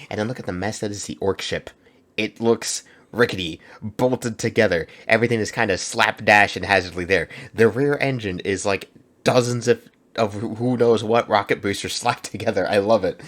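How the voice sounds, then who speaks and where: A man's voice: on the low side, moderate pace, a bit bright. A man hosting a reaction video, talking casually, thinking aloud and swearing freely as he comments.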